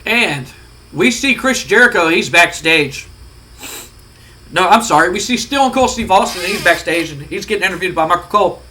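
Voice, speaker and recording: A high-pitched man with a bright, forward voice talks through a wrestling simulation game. He rambles casually and swears freely as he recaps each match. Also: expressive, moderate pace, a little hiss or hum, low-quality recording. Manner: rambling, profane, conversational. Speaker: let's play host.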